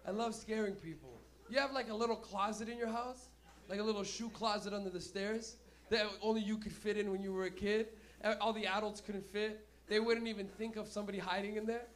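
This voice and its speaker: A young man hosting a comedy night and telling stand-up stories in a loud, profane way, breaking into laughter, in a small club. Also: high-pitched, steady tone, brisk. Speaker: comedy host. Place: small smoky comedy venue.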